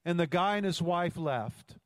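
In a large church hall with long reverb, a man preaches as pastor, narrating a story and calling out to the congregation for their responses. His voice sits high, with lively intonation and an unhurried delivery.

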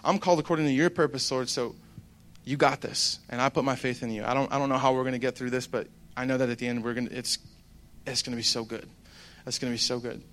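A man's voice: mid-range voice, fairly even intonation, quick pace, a bit bright, a little hiss or hum. A young man giving a casual devotional talk, rambling and conversational with plenty of fillers. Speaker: Christian speaker.

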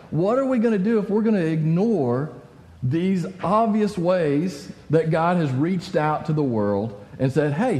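A man's voice: fairly high pitch, darkish tone, big-room sound. A man giving a casual, conversational sermon as a pastor, talking with many fillers and restarts.

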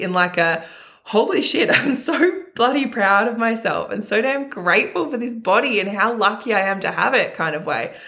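A woman's voice: on the low side, fairly bright tone. Earnest, emotional woman speaking to viewers. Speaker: food and body image coach. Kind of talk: personal monologue to viewers.

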